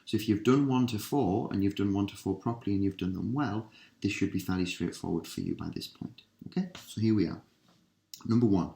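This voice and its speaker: A male teacher giving a recorded listening lesson, reading out vocabulary slowly and clearly with patient instructions. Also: on the low side, dark tone, reverberant. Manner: slow, clearly spaced word drills with patient instructions.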